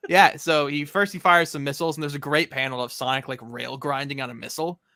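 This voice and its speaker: A man's voice: on the high side, steady tone, fast, sharp tone, no echo. A man co-hosting a casual comic discussion, recapping the story in a laid-back way with casual swearing. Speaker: podcast co-host.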